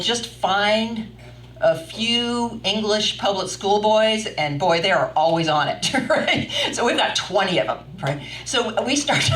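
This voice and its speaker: A woman's voice: mid-range voice, a little hiss or hum. Older woman telling a story, roomy and distant. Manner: animated, chatty, laughing often. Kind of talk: live storytelling to an audience. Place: wine bar, live event. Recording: roomy sound from a distant mic.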